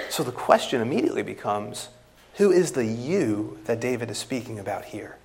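A man preaching an expository sermon and quoting scripture, with emphatic loud stresses that drop to quiet trailing phrases. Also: mid-range voice, animated, moderate pace, a little hiss or hum.

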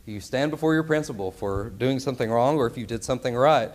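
A man's voice: mid-range voice, fast, darkish tone. A man preaching a sermon in an earnest, emphatic way, often turning to his listeners with rhetorical questions.

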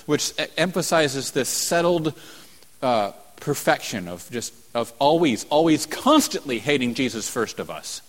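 A man's voice: a little high, a bit bright. Emphatic male preacher in a reverberant hall. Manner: explanatory, emphatic, repeats words for stress. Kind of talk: sermon.

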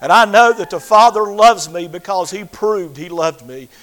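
High-pitched older preacher. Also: male voice, moderate pace, poor audio. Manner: swings from loud fervent preaching to hushed near-whispers. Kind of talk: sermon.

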